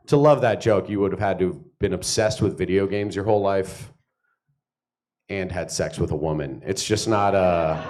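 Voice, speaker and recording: A man doing a stand-up comedy set on a club stage, telling stories with lots of swearing and acted-out quotes. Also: low voice. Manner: profane, animated storytelling with acted quotes.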